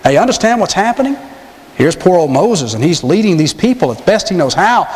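A man preaching a sermon as pastor, telling a scripture story with animated, dramatic emphasis. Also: sits high, brisk. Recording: long reverb of a large hall.

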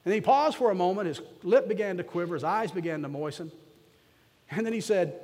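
A man's voice: sits high, big pitch swings, a little fast, long reverb tail. A man preaching as a pastor, telling a story in a folksy, self-deprecating way. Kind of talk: storytelling sermon.

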